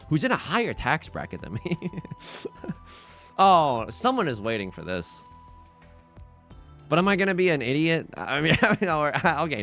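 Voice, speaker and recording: A man with a gravelly, creaky voice talks through his game in an offhand, rambling way. His pitch swoops widely as he chats, stumbles and restarts. Soft game music sits faintly underneath. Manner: rambling, chatty, with frequent restarts and laughs. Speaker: Let's Play host. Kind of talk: casual gameplay commentary.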